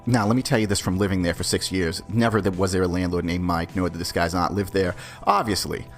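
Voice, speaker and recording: Podcast host, man, lowish voice, brash and swearing, faint music behind. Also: fairly even intonation, fast talker. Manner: brash, profane, conversational. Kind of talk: casual storytelling.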